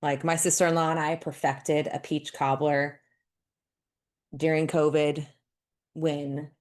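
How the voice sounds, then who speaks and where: Woman host, slightly low voice, chatty self-deprecating storyteller. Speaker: podcast host. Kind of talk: personal storytelling monologue.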